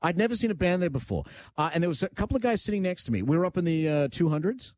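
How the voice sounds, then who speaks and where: A man hosting a radio show, chatting casually and telling animated stories with frequent restarts. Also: high-pitched, rapid-fire, no room sound, studio quality. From Australia. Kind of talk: casual studio banter.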